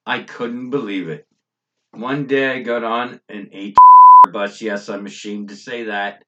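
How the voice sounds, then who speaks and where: A man's voice: lowish voice, steady tone, measured pace, lo-fi sound, heavy background noise. A man from Canada co-hosting a casual podcast, telling a wry, emphatic story with plenty of swearing. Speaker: podcast co-host. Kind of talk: casual profane chat. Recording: voice a bit far from the mic.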